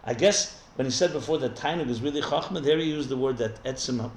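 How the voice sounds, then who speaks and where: A man with a mid-range voice teaches as a rabbi in a live text study class, speaking fairly quickly over a little hiss or hum. He thinks aloud, explaining and often restarting, in an echoey room with faint ambience.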